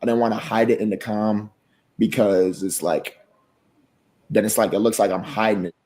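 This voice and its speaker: A man's voice: fairly low pitch, little pitch movement, normal speed, a little mellow. A man talking casually on a livestream in a subdued, serious way, repeating himself as he makes his point.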